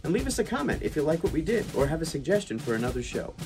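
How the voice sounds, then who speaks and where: A man's voice: fairly high pitch, sing-song, rapid-fire. A male host introducing guest drummers and closing the show. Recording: distant mic with loud music.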